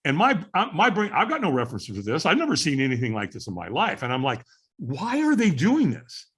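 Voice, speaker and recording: A man telling his life story as a podcast guest, animated and acting out the voices of the people in it. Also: a little high, a little fast, husky. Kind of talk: storytelling in casual interview.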